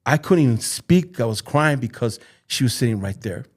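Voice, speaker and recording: On a podcast, an earnest, animated man shares emotional stories about his life in football. He talks in halting bursts, looping back over phrases he has just said. His voice is at a typical middle pitch for a man.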